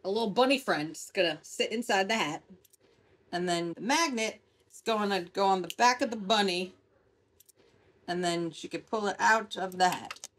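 A woman nail artist talking through her work in a reality show, upbeat and quick to laugh. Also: medium pitch, a bit bright. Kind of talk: reality show narration and salon chat.

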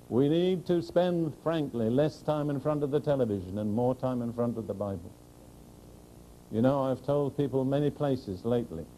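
Dark-voiced preacher delivering an earnest sermon. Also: male voice, medium pitch, a little hiss or hum, poor audio. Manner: earnest, direct, rhetorical questions to the congregation; slows and rises to proclaim scripture.

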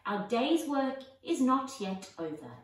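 A woman's voice: high voice, very animated, takes it slowly, voice pushed up, exaggerated voice. A woman voicing a majestic male lion who gives orders in a commanding way. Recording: echoey, distant mic.

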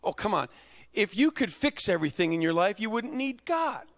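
Casting note: high-pitched pastor, sermon delivery that swings from quiet to fervent. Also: male voice, big pitch swings, normal speed. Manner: preaching, rising to high impassioned climaxes.

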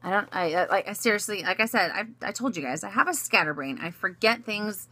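A woman's voice: medium pitch, lively intonation, fairly quick, sharp tone. A woman in her thirties chatting casually as a vlogger, answering viewer questions with a giggly, rambling manner full of fillers and restarts. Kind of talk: casual chat.

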